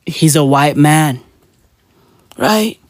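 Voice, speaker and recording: A woman's voice: low-pitched, animated, very slow, darkish tone, no room sound. A woman ranting on a podcast in casual, profane, slangy talk, emphatic and mocking.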